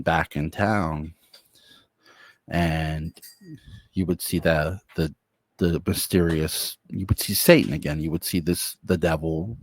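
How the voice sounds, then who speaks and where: A man with a deep voice walks through an imagined show episode at an unhurried pace. He rambles, restarts, and chuckles as he goes. The recording is close and dry. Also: dry recording. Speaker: fan pitching a show episode. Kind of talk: casual retelling.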